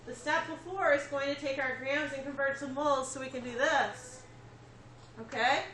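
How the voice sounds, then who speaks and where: During a chemistry lecture in class, a woman explains things step by step and checks that her students are keeping up. Her voice is high and a bit bright, with fairly even intonation and a moderate pace; the echoey room has faint ambience and slight background noise.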